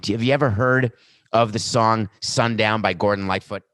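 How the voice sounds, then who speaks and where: A man's voice: on the low side, moderate pace, no echo. A middle-aged man hosting a sports podcast, ranting sarcastically and mocking statements in a dry studio. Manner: sarcastic, animated rants with mock quotes. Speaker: podcast host. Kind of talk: opinionated sports commentary. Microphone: studio microphone with earpiece.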